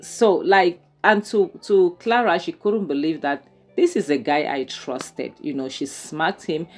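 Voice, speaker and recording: A woman's voice: fairly low pitch, faint music behind. A woman recapping a film episode in casual commentary. She sounds exasperated and fills her talk with "you know" and "um". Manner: exasperated, talks fast with many fillers and "you know". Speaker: movie reviewer.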